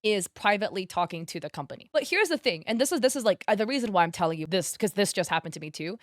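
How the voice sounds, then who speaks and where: A woman's voice: mid-range voice, fast talker, dry recording, clean studio sound. Chatty woman streamer with crunchy enunciation. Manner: chatty and animated, frequent "like" and mild swearing. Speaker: streamer and content creator. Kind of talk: casual commentary vlog.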